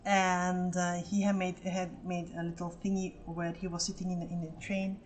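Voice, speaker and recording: A woman's voice: on the low side, moderate pace, slight background noise. A woman co-hosting a live stream, telling stories in casual chat and swearing freely. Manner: animated storytelling, swears freely. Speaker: streamer co-host.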